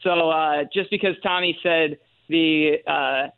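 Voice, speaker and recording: A man phones in to a sports radio show and talks through his betting picks at an easy pace, pausing on fillers as he works out his reasons. His voice sits a little high for a man. The line is thin and tinny and completely dry. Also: vocal fry, clear, resonant tone, no room sound. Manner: relaxed, with fillers and measured reasoning. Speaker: sports betting analyst guest.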